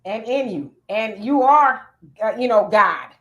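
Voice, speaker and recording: A woman's voice: fairly high pitch, expressive, a little slow, a bit bright, highs cut off. A woman hosting a casual talk show, speaking conversationally and reading listener comments aloud. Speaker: podcast host. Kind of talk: casual chat.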